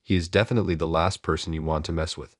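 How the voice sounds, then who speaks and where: Brief: steady, calm bar owner lady, read by a deep-voiced man. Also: fast talker, no room sound, clean studio sound. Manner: calm, pleading.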